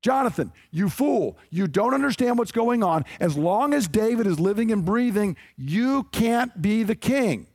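A man preaching a sermon, emphatic and conversational, acting out quick asides. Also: high voice, expressive, a little mellow, dry recording, clean studio sound.

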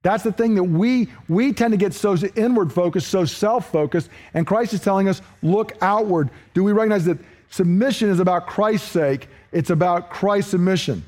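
A man preaching a sermon, earnest and questioning, moving between emphatic points and hushed, slowed lines. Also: high-pitched. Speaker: pastor.

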